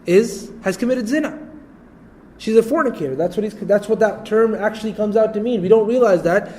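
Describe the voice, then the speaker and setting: A male preacher telling a story in a conversational sermon, animated and often checking in with his listeners. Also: sits high, fairly quick, rough recording. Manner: animated, conversational, repeats points with "you know" and "okay?".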